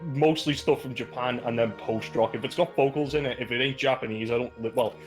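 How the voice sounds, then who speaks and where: A man's voice: mid-range voice, a little fast, soft background music. A young British man hosting a tabletop game, joking and laughing in casual chat with friends.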